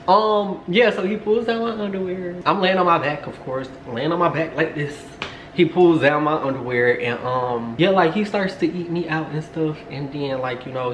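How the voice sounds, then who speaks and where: A man's voice: on the high side, a bit bright. A young man telling a rambling story to camera, full of fillers and asides. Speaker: storytime vlogger. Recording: echoey room, faint background hum.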